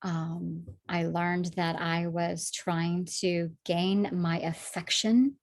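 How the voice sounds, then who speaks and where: A woman sharing her personal faith testimony in conversation, animated when acting out past moments, soft and low when reflecting. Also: takes it slowly. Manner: animated storytelling, acts out her own past words.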